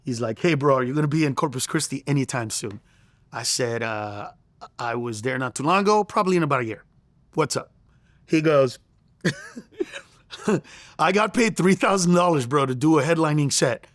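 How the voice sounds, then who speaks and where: A middle-aged male comedian telling a story in an interview, animated and profane, acting out the voices he quotes. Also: mid-range voice, normal speed, pauses often, no echo. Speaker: comedian guest.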